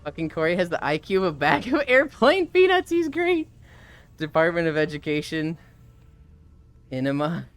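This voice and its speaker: Lively rambling woman streamer. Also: deep voice, normal speed, long pauses, no room sound. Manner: rambling storyteller, swears freely, trails off with fillers; talking while walking. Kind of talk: casual live-stream chat.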